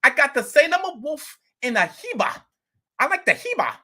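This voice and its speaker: A man voicing his excited neighbor, a crypto newbie who boasts in a high, gleeful voice. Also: normal speed, heavily acted.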